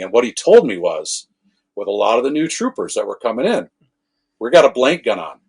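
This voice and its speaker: Husky-voiced man telling cop stories. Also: on the low side, fairly quick. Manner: animated anecdotes with acted quotes, self-correcting swears. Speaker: podcast guest, former law enforcement officer. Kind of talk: casual storytelling conversation.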